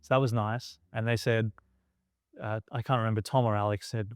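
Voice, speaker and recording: Label founder, smooth clear voice, dry close sound, lively storyteller who acts out quotes. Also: male voice, lowish voice, moderate pace, no room sound. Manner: animated anecdote-telling, acting out quoted dialogue. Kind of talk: documentary interview storytelling.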